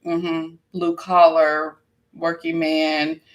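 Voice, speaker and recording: Speaking very slowly with a flat delivery, this American podcast host from the United States has a low voice. Her casual chat is full of thinking aloud, fillers and restarts.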